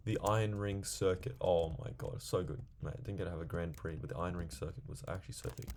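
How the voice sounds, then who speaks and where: A man's voice: low-pitched, fast talker, a little mellow, slight background noise. A young man chatting to himself while playing a video game, rambling casually from one thing to the next. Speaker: gaming video creator. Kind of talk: casual gameplay commentary.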